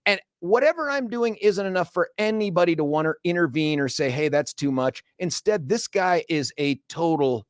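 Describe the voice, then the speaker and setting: A man's voice: a little high, animated, moderate pace, hardly any pauses, dry recording, clean studio sound. A middle-aged man hosting a talk radio show, animatedly retelling a quarrel and acting out both sides. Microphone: studio microphone.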